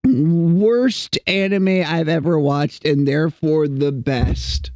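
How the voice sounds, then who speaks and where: A man's voice: on the high side, slow pace, darkish tone, dry recording. A young man streaming while he draws, chatting with viewers in a rambling, self-mocking, jokey way. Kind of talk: casual livestream chat while drawing.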